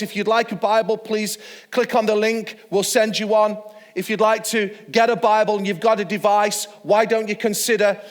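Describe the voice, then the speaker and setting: A man's voice: high voice, in a large hall. A man preaching to his church, telling a story and laughing at his own joke. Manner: warm storytelling with chuckles. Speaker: pastor. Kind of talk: online church sermon.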